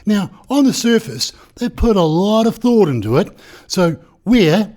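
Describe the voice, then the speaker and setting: A man's voice: high voice, big pitch swings, a little slow, a little mellow. A man hosting a comedic true crime show, sarcastic and profane, talking straight to his viewers. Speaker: true crime channel host.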